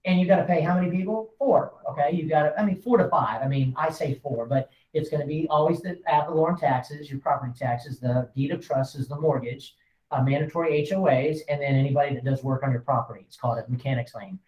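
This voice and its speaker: A man's voice: fairly high pitch, fast, a little mellow. A man, a real estate broker, casually training agents in a folksy, joking way. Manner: folksy, joking, acts out quotes. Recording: echoey room, voice off-mic.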